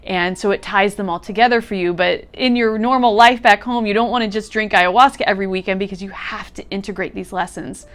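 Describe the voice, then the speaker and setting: A woman guest telling a deeply personal story, candid and casual, swearing now and then and leaning on "like". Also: fairly quick, hardly any pauses. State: close to tears at times. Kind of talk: emotional personal testimony.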